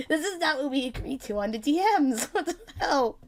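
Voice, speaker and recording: A woman streaming live in casual chat, excitable and laughing often, with bursts of mock-outraged swearing. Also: high-pitched, moderate pace. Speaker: streamer hosting a chat with creators.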